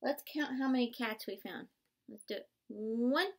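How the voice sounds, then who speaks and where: A woman's voice: a little high, moderate pace, vocal fry. A young woman, a student teacher, reading a picture book aloud to small children, asking them to join in, count and make animal sounds, with playful gasps of surprise. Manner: interactive and encouraging, asks children to join in.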